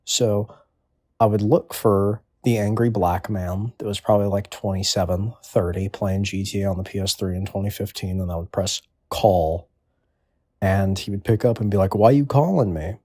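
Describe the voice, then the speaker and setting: A man's voice: fairly low pitch, level tone, moderate pace, warm tone, no echo, studio quality. A man in his twenties delivering a crude comedic monologue in a rambling, offhand way. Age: 20s. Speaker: comedic storyteller.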